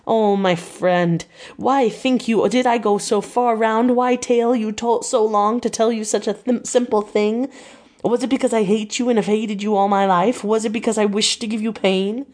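A woman with a slightly high, darkish voice reads an audiobook at a moderate pace with fairly even intonation. She voices an elderly, earnest Dutch professor in solemn, broken formal phrasing, pitching it a bit above her own voice but close to an everyday sound, and the mood is pleading.

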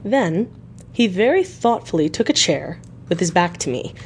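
A woman narrating a classic novel for a radio reading service, reading in a clear, even, unhurried way. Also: lowish voice, a little hiss or hum. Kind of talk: audiobook narration.

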